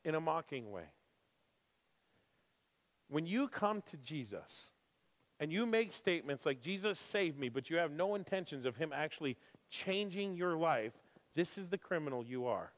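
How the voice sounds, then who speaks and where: A man preaching a sermon who moves from calm scripture reading to impassioned, emphatic preaching with repeated phrases. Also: fairly high pitch, normal speed, long pauses. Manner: emphatic repetition. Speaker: pastor. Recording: long hall reverb.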